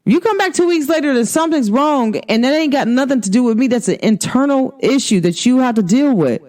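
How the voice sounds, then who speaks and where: Woman astrology host, casual and sassy, very lively pitch, talks straight to her viewers. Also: a little fast. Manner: emphatic, sassy, slangy, swings pitch for emphasis. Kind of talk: casual spiritual talk to viewers.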